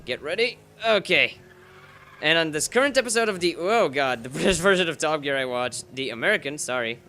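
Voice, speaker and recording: A man with a higher, bright, forceful voice rambles through let's-play commentary. He jokes at his own expense and wanders off on tangents between races. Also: expressive, a little fast. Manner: rambling, self-mocking, jokey. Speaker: game commentator.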